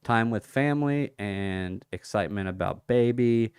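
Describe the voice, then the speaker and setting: A man with a lowish, smooth and clear voice hosts a relaxed livestream, taking his time as he greets viewers by name and thinks aloud over price levels. The sound is dry and close, with no room around it. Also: a little slow, no room sound. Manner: chatty, reads out viewer comments and thinks aloud. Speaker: crypto livestream host. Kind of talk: casual livestream chart analysis.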